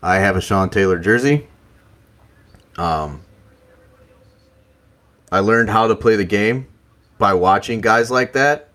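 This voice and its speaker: Young guy on a sports podcast, lowish voice, swears a lot, laid back banter. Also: takes it slowly, pauses often, a bit bright. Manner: profane, laughing banter. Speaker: podcast co-host. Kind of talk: casual sports chat.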